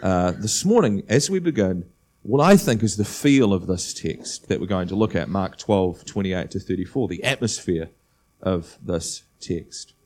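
Lower-voiced man preaching a sermon. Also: measured pace. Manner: conversational, building to animated emphasis. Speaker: pastor.

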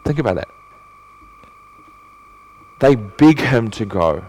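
Lively, earnest male pastor preaching. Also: medium pitch, slow pace, slightly rough. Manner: earnest preaching with rhetorical questions, swinging from emphatic to hushed. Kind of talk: sermon.

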